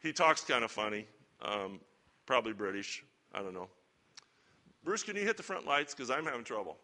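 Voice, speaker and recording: Folksy, bright-voiced male Bible teacher. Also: medium pitch, very animated, normal speed. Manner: conversational, folksy, with asides. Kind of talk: sermon-style Bible lesson. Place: church or lecture hall with slides.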